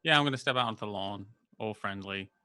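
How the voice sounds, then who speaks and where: Bright-voiced man playing a tabletop game. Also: lowish voice, dry recording, studio quality. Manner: joking, quick remarks. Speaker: player. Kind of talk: casual tabletop game play.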